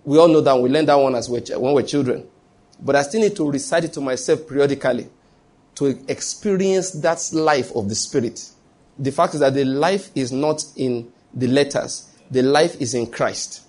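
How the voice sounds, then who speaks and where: A man's voice: mid-range voice, normal speed, darkish tone. A male preacher delivers a sermon in a mid-range voice. He keeps asking if his listeners follow and restarts phrases as he thinks aloud. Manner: repeatedly checks the listeners follow, with many restarts.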